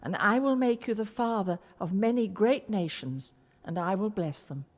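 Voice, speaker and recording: A woman's voice: mid-range voice, expressive, moderate pace, darkish tone, close to an everyday voice. A woman voicing God, giving a solemn command in a storybook reading. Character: the Lord, solemn commanding divine voice.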